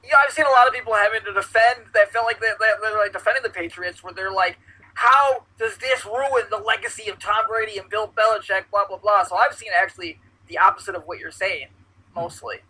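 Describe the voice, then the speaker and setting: A man co-hosting a casual sports podcast, excitable and swearing as he relives big plays. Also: high voice, brisk, low-quality recording. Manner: excitable, swears, reenacts moments loudly. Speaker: podcast co-host.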